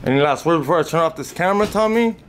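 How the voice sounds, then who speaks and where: A man's voice: a little high, animated, very fast. A man hosting a casual road-trip vlog, teasing his friends in a hyped way. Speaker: vlogger, podcast host. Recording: noisy on-the-road ambience.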